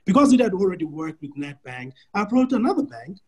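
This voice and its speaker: A man working as a business coach, answering a client's question in an animated, storytelling way with frequent restarts. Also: sits high, fast, slightly rough, low-quality recording.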